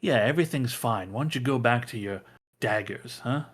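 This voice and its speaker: A man's voice: mid-range voice, moderate pace, slightly rough, natural voice. A man voicing a surly male thug who taunts and threatens. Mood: menacing. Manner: taunting, menacing.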